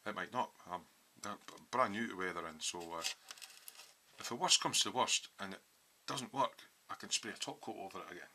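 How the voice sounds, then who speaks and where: A man talks through his model build in a home workshop, pausing often with ums as he explains each step. His voice sits very low but has a sharp, bright edge. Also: slight background noise. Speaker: hobby scale modeller. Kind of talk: casual workshop build walkthrough.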